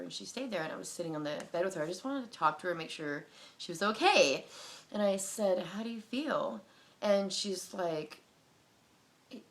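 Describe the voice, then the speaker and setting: A woman's voice: low voice, fairly bright tone, slight background noise. A woman in her thirties telling a personal story in a casual, rambling way, full of fillers and restarts. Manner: rambling, filler-heavy, many restarts and likes. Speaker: personal testimony vlogger.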